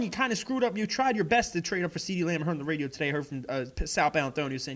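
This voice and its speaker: A young man ranting casually in a video reaction, exasperated and swearing, growing louder as he goes. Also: expressive, racing, few pauses. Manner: exasperated, swears, gets louder and higher as he rants. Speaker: vlogger.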